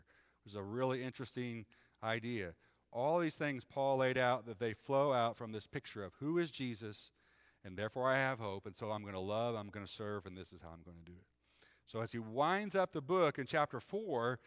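Preaching in a medium-pitched, fairly bright voice, this pastor keeps things conversational and plain, frequently asking "right?". He reads scripture in a raised, slower voice, and the recording is dry.

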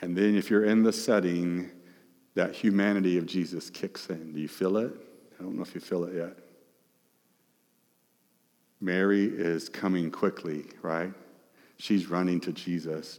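A male pastor preaching a sermon, asking the congregation questions, emphatic and shifting between loud and hushed. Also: deep voice, steady tone, measured pace, pauses often, big-room sound.

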